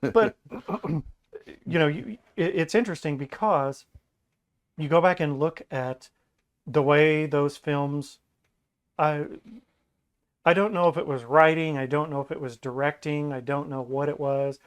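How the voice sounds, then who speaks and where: A man as a podcast guest in casual chat, animated and acting out quoted lines in mocking voices. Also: fairly high pitch, a little slow, clean tone.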